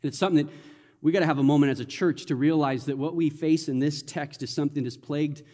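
Male pastor, high voice, sermon, animated and conversational, church sanctuary, long hall reverb. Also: fast talker. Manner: animated, conversational preaching with playful asides.

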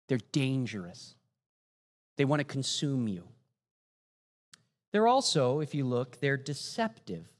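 A man preaching a sermon, animated, often asking the audience "right?" and posing rhetorical questions. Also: mid-range voice, slow pace, long pauses. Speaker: pastor. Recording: long hall reverb.

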